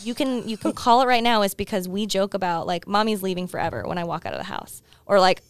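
A woman's voice: medium pitch, fast talker, clean tone, no room sound. A woman in her thirties, co-hosting a casual chat, telling a story and quoting her kids' lines, with frequent laughs. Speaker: podcast co-host.

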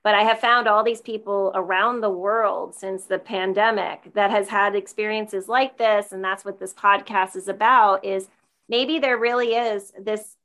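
A woman's voice: mid-range voice, a bit bright. A woman hosting a podcast, asking loose, rambling questions about spirituality. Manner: rambling, many fillers and restarts. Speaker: podcast host. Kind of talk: casual interview.

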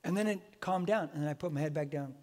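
A man in his sixties preaching a sermon as pastor, telling stories in an animated way and acting out the voices of the people in them. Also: a little high, quick pace. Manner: animated storytelling, acts out voices. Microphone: wearing a mic.

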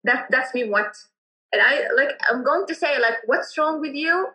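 A young woman with a Yemeni Arabic accent speaks English as a second language. Her voice sits a little high and rings bright. She answers in a halting, casual way, full of fillers and restarts. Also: rough recording. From Yemen, Hadramaut. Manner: hesitant, many fillers and restarts. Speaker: interviewee, cultural entrepreneur.

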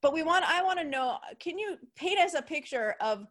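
A woman's voice: very high voice, expressive, normal speed, fairly bright tone. A woman with a New York accent hosting a podcast interview, chatty and bubbly, laughing often. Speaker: podcast host. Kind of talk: casual interview chat.

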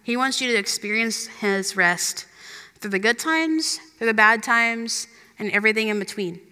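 Bright-voiced young woman preaching in a hall. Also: a little high, moderate pace, clean tone. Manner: chatty, earnest, peppered with "like" and "you know". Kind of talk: conversational sermon. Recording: long hall reverb.

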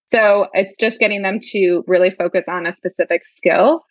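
A woman's voice: medium pitch, steady tone, moderate pace, no echo. A woman guest explaining teaching ideas in a chatty way, with lots of filler "like"s. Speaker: guest literacy educator. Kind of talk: casual conversational interview. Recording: dull lo-fi dry sound.

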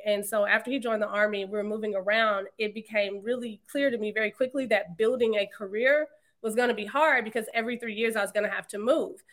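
A woman in her thirties, a podcast guest, telling her story in a casual, animated way and laughing often. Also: medium pitch. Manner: animated, laughs often, quotes others in lively voices. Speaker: podcast guest, marketing entrepreneur.

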